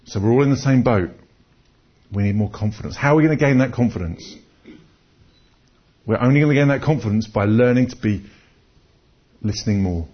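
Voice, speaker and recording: A man preaches in a husky, mid-range voice, talking fairly quickly but leaving long pauses. His sermon feels conversational and story-driven, and he often repeats words as he restarts. It's a dull, lo-fi recording.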